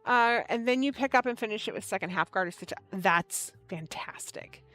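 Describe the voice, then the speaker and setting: A woman's voice: medium pitch, moderate pace. A woman hosting a knitting livestream, chatting casually and telling stories with lots of laughter. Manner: animated storyteller, laughing often.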